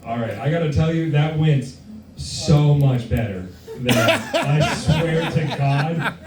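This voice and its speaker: A man's voice: a little high, lively intonation, takes it slowly, distant mic, over loud music. A young man performing a stand-up set, offhand and self-deprecating, with lots of swearing. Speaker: stand-up comic. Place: comedy club. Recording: roomy club sound from afar, room noise.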